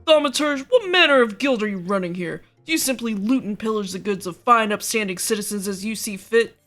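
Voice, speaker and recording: A woman's voice: mid-range voice, animated, fairly quick, a bit bright, faint music behind, pitched above the performer's own voice, lightly acted. A woman voicing an indignant, self-righteous merchant in a game, speaking in a huffy, raised voice.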